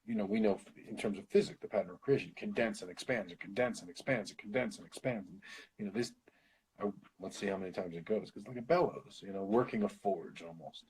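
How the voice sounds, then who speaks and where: An American man leads a relaxed Bible study, reading verses and then musing on them as he goes, now and then swearing or laughing. His voice sits fairly low. A faint hiss runs under the recording. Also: fast, low-quality recording. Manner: thinks aloud, swears, laughs, reads Hebrew then explains. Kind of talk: casual study session, reading scripture aloud.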